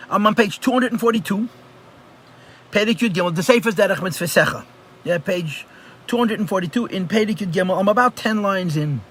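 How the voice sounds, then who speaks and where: Rabbi guy giving an online class, pretty high voice, faint hiss behind. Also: a little fast, fairly bright tone. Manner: conversational, repeats phrases for emphasis. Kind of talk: live online Chassidus lesson. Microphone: computer mic on a video call.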